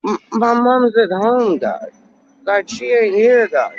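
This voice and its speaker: A man's voice: high voice, expressive, slow pace, muffled recording. A man with an East London accent hosting casual video chats with strangers, slangy and repetitive, hyping people up. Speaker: host chatting with strangers on video call.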